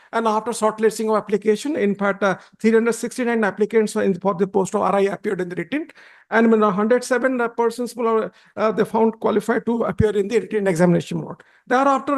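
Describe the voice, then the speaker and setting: A man arguing a case before a judge, halting and deferential, with many restarts and repeated "my lords.". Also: high voice, darkish tone. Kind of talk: courtroom argument.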